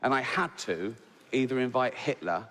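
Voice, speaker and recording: A man's voice: mid-range voice, lively intonation, normal speed, fairly bright tone. A man doing stand-up comedy, telling a story in a loose, conversational way, tagging lines with "right?" and acting out the other people in it. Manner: conversational storytelling, frequent "right?" tags, acts out voices. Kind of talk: stand-up routine. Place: large theater stage. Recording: live hall with reverb, audience ambience.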